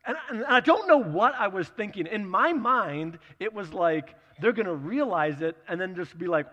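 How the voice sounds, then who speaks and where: A man in his thirties preaching, telling a personal story in a chatty, animated way and acting out the dialogue. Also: sits high, brisk, few pauses, long reverb tail, lo-fi sound.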